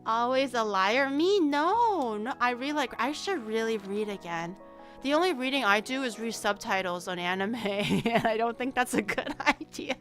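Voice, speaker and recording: Young woman streamer, bright and slightly high voice, loose self-mocking chat, faint music underneath. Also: lively intonation, moderate pace. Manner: rambling, self-mocking, laughs often. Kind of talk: casual chat to viewers.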